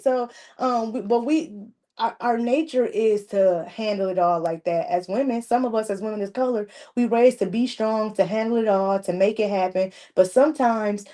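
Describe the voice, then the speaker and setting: A middle-aged woman gives a casual, animated devotional talk on a livestream, with many fillers and restarts. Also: mid-range voice, moderate pace. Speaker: ministry leader giving a parenting talk. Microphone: livestream mic.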